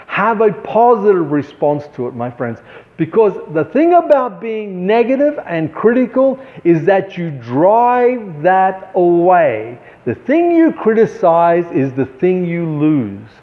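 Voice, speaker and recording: A man giving artists a motivational talk, earnest and preachy, repeating his points for emphasis. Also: on the high side. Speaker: artist and show host. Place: gallery. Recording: dull sound with long hall reverb.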